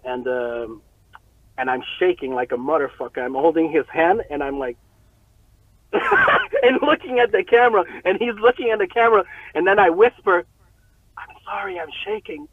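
A man casually telling a long story, animated and profane, often laughing as he talks. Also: a little high, normal speed, no echo, phone-quality sound.

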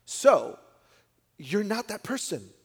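An animated man preaching a sermon, his fairly high voice swinging between loud emphatic peaks and quiet asides. The sound rings with the long reverb of a large church hall. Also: slow pace, gravelly, slightly rough. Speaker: pastor.

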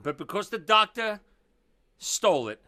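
A man's voice: high-pitched, big pitch swings, measured pace, pushed and bright. A man co-hosting a casual talk show, blunt and opinionated, often restarting his sentences. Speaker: podcast co-host. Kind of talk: casual chat.

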